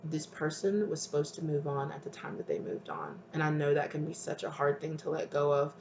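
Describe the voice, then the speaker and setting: Soft-spoken tarot reader, roomy sound. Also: medium pitch, animated, fairly quick, vocal fry. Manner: soft, tender, hesitant, calls listeners "my love". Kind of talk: intuitive tarot reading to viewers. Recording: roomy with faint ambient noise.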